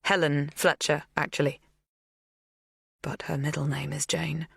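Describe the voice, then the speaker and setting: A woman voicing a shaken, confused young woman who answers in tense, halting lines in an audiobook. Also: deep voice, little pitch movement, creaky, a bit bright, breathy edge, dry recording, studio quality, full character voice. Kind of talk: audiobook dialogue.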